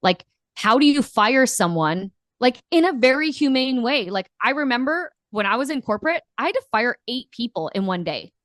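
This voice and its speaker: A woman's voice: fairly high pitch, expressive, fairly bright tone, no echo, studio quality. A young adult woman speaking as a beauty business coach in a casual interview, candid and filling her talk with "like". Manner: candid, talks in quick runs with many "like"s.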